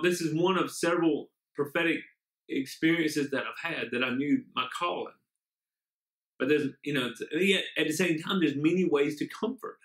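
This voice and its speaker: A man's voice: on the high side, a bit bright. A man, a pastor, preaching an online sermon and praying, fervent and often repeating amen and hallelujah. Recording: echoey room.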